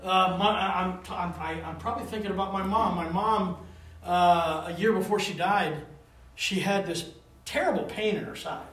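A man preaching a conversational sermon to a small group. He talks in an animated, rambling way and keeps asking the listeners for answers. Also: high-pitched, moderate pace. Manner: animated, rambling, calls for responses. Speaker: pastor. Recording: roomy room, voice from a distance.

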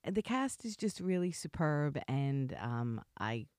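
Bubbly effusive actress chatting. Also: female voice, big pitch swings, takes it slowly, darkish tone, no room sound, clean studio sound. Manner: bubbly, effusive, lots of fillers and big pitch swings. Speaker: actress guest. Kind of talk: casual podcast interview.

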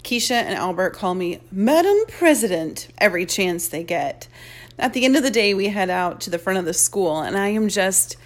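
A woman narrating an audiobook chapter in first person, with an expressive, excited reading. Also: medium pitch, moderate pace.

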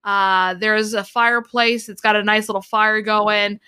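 A woman playing a tabletop game, musing as she describes the scene in unhurried talk. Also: medium pitch, little pitch movement, bright, forceful tone, clear, resonant tone. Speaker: player.

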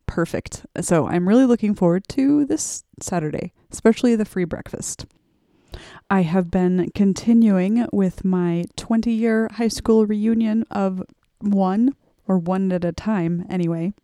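Mellow-voiced chatty woman podcaster. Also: mid-range voice, measured pace, dry recording, clean studio sound. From Arkansas, USA. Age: late 30s. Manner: chatty, upbeat, talks straight to listeners. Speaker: podcast host. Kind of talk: casual solo podcast chat.

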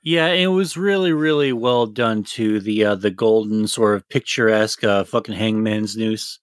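A man's voice: lowish voice, normal speed, no room sound, clean studio sound. A man co-hosting a podcast, talking casually, rambling and swearing a lot. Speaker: podcast co-host. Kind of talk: casual chat.

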